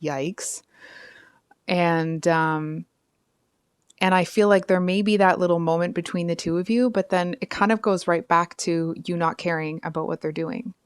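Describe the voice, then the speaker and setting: A woman's voice: fairly low pitch, fairly even intonation, a little slow, clear, resonant tone, no echo, clean studio sound. A woman giving a casual tarot reading, chatty and rambling, with frequent asides and apologies. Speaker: tarot reader.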